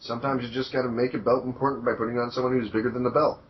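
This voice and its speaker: A man's voice: medium pitch, level tone, rapid-fire. A man co-hosting a podcast in casual chat, talking in an offhand, matter-of-fact way. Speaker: podcast co-host. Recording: dull lo-fi audio.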